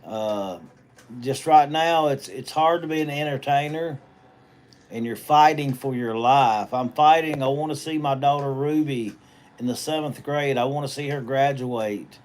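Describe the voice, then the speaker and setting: Unhurried and a little mellow at medium pitch, a middle-aged Southern auctioneer and livestream host reads viewer comments from a hospital treatment room. He streams on his phone, chatting casually and rambling in folksy country talk.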